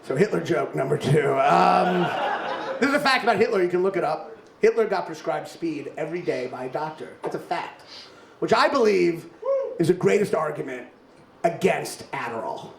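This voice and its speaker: A young man from Kentucky performing a stand-up set in a comedy club, animated and punching up his lines with loud exclaimed bursts. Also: fairly high pitch, normal speed, creaky, noisy background. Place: comedy club with laughing audience. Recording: roomy club with crowd laughter.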